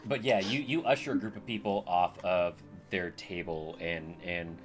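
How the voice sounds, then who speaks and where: A man narrating a tabletop game as game master, relaxed and joking, with plenty of ums and uhs. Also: low-pitched, moderate pace, over music. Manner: relaxed, joking, with many fillers.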